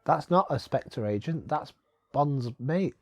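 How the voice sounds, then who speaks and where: A man's voice: on the high side, expressive, takes it slowly, dry recording. A young man co-hosting a casual, comedic film commentary, joking and laughing often. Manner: jokey, laughs often, does silly quoted lines.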